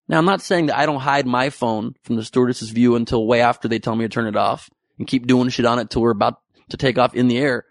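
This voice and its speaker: Male comedian, sarcastic and profane, gravelly edge, dry close sound. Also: mid-range voice, steady tone, fast, dry recording. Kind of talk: topical comedy monologue.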